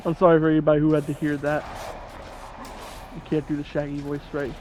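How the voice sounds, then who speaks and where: A man's voice: on the high side, normal speed, background noise. A young man in his twenties chatting casually over gameplay, rambling and laughing at his own jokes. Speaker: gaming channel host. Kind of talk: casual let's-play commentary.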